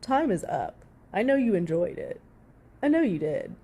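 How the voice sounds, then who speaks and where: A woman's voice: mid-range voice, sing-song, moderate pace, dark tone, breathy edge. A woman giving heated, profanity-laced reaction commentary, sarcastic and indignant as she rants to her viewers.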